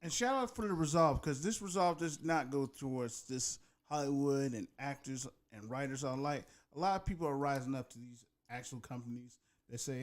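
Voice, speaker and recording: A man's voice: mid-range voice, normal speed, hardly any pauses. Impassioned man ranting on a podcast. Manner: impassioned, ranting, repeats "go ahead". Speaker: podcast co-host. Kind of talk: casual chat.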